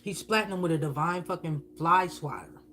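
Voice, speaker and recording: A woman's voice: on the low side, a little fast, fairly bright tone, a little hiss or hum. A woman giving a channeled spiritual reading while eating on camera, casual, profane and blunt. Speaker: spiritual reader.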